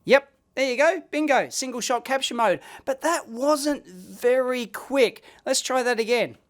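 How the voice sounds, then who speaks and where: An Australian man hosting an electronics video, chatting casually and getting excited while he demos a gadget at his bench. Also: very high voice, a little slow. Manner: excitable, chatty, blokey slang.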